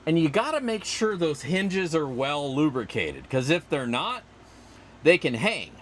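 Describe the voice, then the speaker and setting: Lively, bright-voiced man chatting on a livestream. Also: on the high side, unhurried, slight background noise. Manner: rambling, chatty, answers viewer comments. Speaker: livestream host. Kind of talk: casual livestream chat. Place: outdoors.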